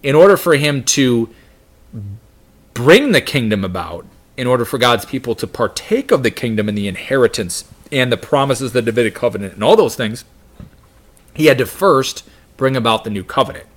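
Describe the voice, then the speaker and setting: A man's voice: mid-range voice, animated, moderate pace. A man teaching a Bible study in a conversational way, reading scripture aloud and explaining it with frequent asides.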